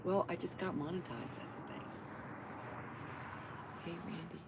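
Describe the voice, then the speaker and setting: A woman's voice: fairly low pitch, animated, brisk, background noise. Chatty woman live-streaming from a van. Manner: chatty, talks to viewers and her dog. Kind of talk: casual live-stream chat. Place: inside her van.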